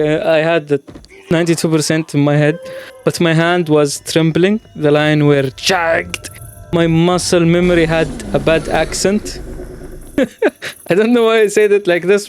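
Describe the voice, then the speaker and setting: A man's voice: fairly high pitch, a little mellow, a little hiss or hum. Musing man narrating gameplay. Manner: musing, with playful exclamations. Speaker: gaming channel host. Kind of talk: reflective gameplay commentary.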